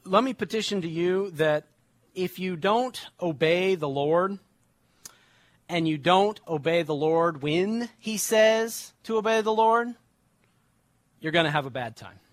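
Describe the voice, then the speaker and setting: A man's voice: high voice, animated, a bit bright, no echo. Man preaching in a dry, close room. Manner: reads scripture slowly, then explains in casual everyday words. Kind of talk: sermon reading and explaining scripture.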